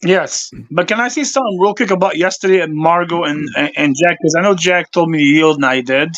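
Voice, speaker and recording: A man arguing as a panel guest, blunt and quick to interrupt. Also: on the high side, fairly bright tone, no room sound, lo-fi sound. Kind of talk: heated panel chat.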